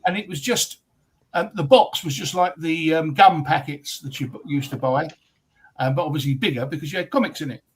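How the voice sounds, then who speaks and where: Husky English man telling rambling stories. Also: a little high, brisk, poor audio. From England. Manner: rambling, hesitant storyteller with many ums. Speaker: guest. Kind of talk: casual chat.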